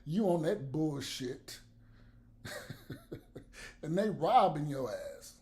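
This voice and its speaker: A man's voice: on the high side, lively intonation, slow pace, mellow. A man vlogging blunt, profane commentary to the camera, with laughs between his points.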